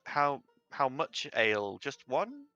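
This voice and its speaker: A man's voice: mid-range voice, huge pitch swings, slow, no room sound, muffled recording, faint music behind, voice pushed up, exaggerated voice. A man voicing a brusque middle-aged female gnome barkeep in a tabletop game. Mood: curt. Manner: curt, sharp-tongued.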